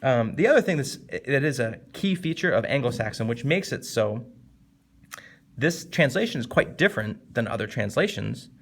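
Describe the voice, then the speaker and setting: A man teaching a casual, animated literature lesson, jumping up in pitch to stress points and slowing down to read poem lines. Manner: animated, conversational, with sudden lifts in pitch for emphasis; reads poem lines slowly and deliberately.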